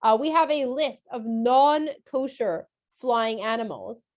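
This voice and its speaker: A woman's voice: on the high side, slow, lo-fi sound. A woman teaching a casual lesson for kids, chatty and explanatory with frequent filler sounds.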